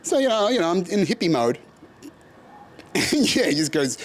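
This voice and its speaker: Casting note: young Australian man, slightly high voice, loose profane storyteller who keeps laughing at himself. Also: sing-song, moderate pace. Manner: laughs often, profane, self-mocking. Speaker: podcast host. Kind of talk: casual storytelling monologue.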